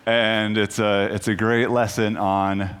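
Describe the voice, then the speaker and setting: A man's voice: lowish voice, flat delivery, slow pace, fairly bright tone, clean tone. A man giving a casual, conversational sermon in a church, joking at his own expense and restarting his sentences often. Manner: conversational, self-deprecating, many restarts. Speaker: preacher. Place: church sanctuary. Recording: long church reverb.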